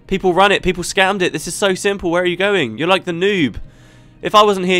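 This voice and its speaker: A man's voice: a little high, a bit bright. A man voicing an overeager, boastful male courier who fights his way through a game city.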